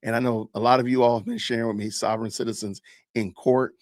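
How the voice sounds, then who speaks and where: A man in his fifties hosting a podcast, joking in a casual, animated way and talking to his live chat as he comments on videos. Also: mid-range voice, fast talker, no room sound, studio quality. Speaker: podcast host.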